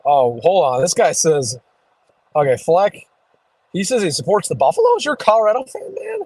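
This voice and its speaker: Slightly hoarse young man, dry close sound. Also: high-pitched, very animated, normal speed, darkish tone, no echo, low-quality recording. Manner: casual, chatty, reads viewer comments aloud. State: losing his voice a little. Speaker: sports streamer host. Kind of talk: live postgame reaction stream. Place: driving home.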